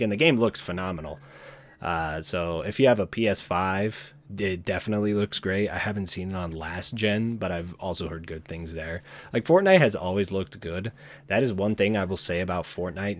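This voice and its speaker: A man hosting his own channel, talking alone in a rambling, casual way, often correcting himself and trailing off quietly. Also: low voice. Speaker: channel host. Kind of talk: casual solo chat.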